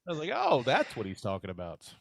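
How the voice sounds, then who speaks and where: A man's voice: medium pitch, huge pitch swings, brisk, vocal fry, no echo, studio quality. A man co-hosting a casual podcast with a wry, teasing sense of humor. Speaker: podcast co-host.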